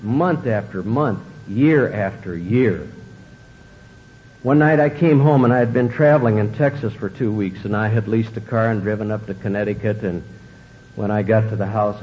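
Earnest man telling his story, lo-fi. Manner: earnest storytelling, acts out quoted dialogue. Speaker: recovery speaker. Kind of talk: personal testimony talk. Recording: dull lo-fi recording with faint rumble.

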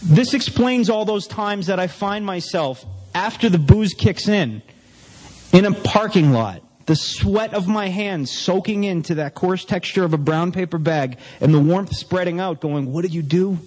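A man's voice: sits high, unhurried, a little mellow. A man giving a candid, self-mocking recovery talk to a meeting audience. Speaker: recovery speaker. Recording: long reverb of a hall.

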